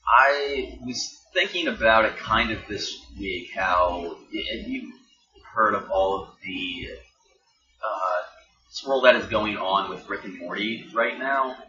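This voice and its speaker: A man's voice: lowish voice, slow pace. A man hosting a casual podcast chat, wry and teasing as he asks his guest questions. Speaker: podcast host. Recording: roomy, dull, noisy home podcast recording.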